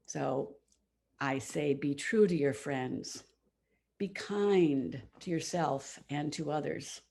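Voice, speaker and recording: A woman in her seventies tells a gentle, heartfelt story from her own life to a church congregation of all ages. Her voice is gravelly and a little husky, and it sits fairly low for a woman. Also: slow pace. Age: 70s. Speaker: congregation member telling a children's story.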